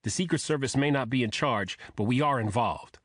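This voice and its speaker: A man's voice: mid-range voice, dry recording, clean studio sound, close to an everyday voice. A man voicing a terse male Secret Service agent in an audiobook thriller. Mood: brisk. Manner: clipped, brisk.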